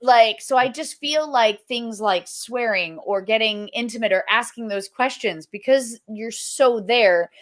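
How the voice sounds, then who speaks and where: A woman's voice: fairly high pitch, measured pace, few pauses. A woman comedian speaking candidly and casually in a video-call panel chat. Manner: candid, chatty, swears casually. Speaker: comedian guest.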